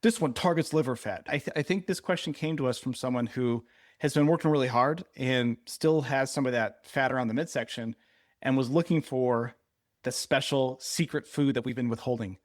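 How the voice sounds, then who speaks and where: Male podcast co-host, middle pitch, teasing and chatty, dry booth sound. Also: normal speed, no echo. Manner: animated, teasing, explains at length. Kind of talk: casual podcast chat.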